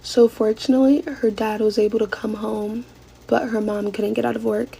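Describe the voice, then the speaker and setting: A young woman with a slightly high, gravelly voice talks through a storytime while doing her makeup. She tells it casually and swears freely. A faint hiss sits under the recording. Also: level tone, moderate pace, warm tone, low-quality recording. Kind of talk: storytime while getting ready.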